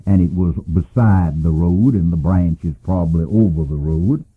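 A man's voice: low voice, moderate pace, husky, phone-quality sound. Folksy older man teaching scripture. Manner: folksy and conversational, frequent "uh"s. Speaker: Bible teacher. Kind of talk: informal Bible lesson.

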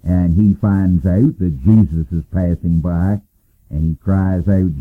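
An older man giving an informal, folksy Bible lesson, talking plainly with many pauses and "uh"s. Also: sits low, phone-quality sound. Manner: folksy and conversational, frequent "uh"s. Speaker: Bible teacher.

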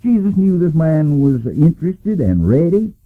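An older man giving an informal, folksy Bible lesson, talking plainly with many pauses and "uh"s. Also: on the high side, sing-song, narrow, tinny audio. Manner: folksy and conversational, frequent "uh"s. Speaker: Bible teacher.

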